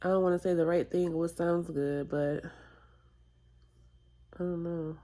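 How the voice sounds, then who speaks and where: A tearful woman vlogging a personal confession, halting and reflective, with sighs and whispered asides. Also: lowish voice, fairly even intonation, dark tone. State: tearful, close to crying.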